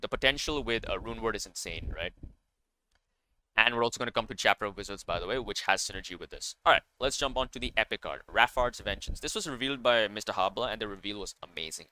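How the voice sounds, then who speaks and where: With a lowish, bright, forceful voice and no room sound, the card game creator rambles eagerly through his commentary. Fillers pile up and he keeps correcting himself.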